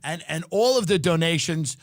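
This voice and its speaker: A man hosting a comedy podcast, ranting in a brash, profane and sarcastic way with quick asides. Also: on the high side, lively intonation, no echo. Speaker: podcast host. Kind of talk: comedic rant.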